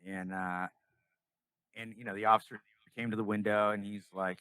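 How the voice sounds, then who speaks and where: Low-voiced man telling a story. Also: fairly quick, smooth, dry recording, rough recording. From California, US. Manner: animated storyteller acting out dialogue. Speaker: podcast guest. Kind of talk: casual storytelling interview.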